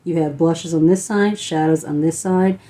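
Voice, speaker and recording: Low, mellow-voiced woman gushing over makeup. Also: normal speed. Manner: gushing, enthusiastic about makeup. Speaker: beauty vlogger. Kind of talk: casual product review.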